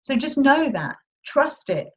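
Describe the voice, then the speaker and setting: A woman's voice: high-pitched, very animated, takes it slowly. A woman coach leading a live online masterclass in a chatty, upbeat, informal manner. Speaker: money mindset coach. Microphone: video call. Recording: dull lo-fi video call audio.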